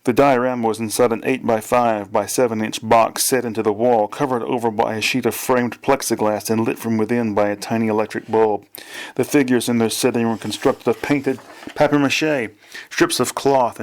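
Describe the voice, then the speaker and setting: A man, the author, reading his novel aloud in a plain, measured way. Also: mid-range voice.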